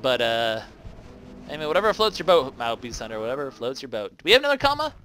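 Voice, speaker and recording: A man's voice: medium pitch, very animated, fast talker, sharp tone. A young man rambling casually as he comments on a video game he plays. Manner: rambling, chatty, often trails off. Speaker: let's play commentator. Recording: faint game music behind the voice.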